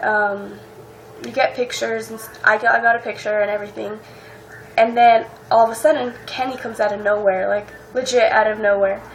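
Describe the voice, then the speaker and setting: Teen girl vlogger, gushing storyteller, a bit high-pitched, faint noise behind. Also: poor audio. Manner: excited, fills speech with "like" and "um". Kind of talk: casual storytelling to camera.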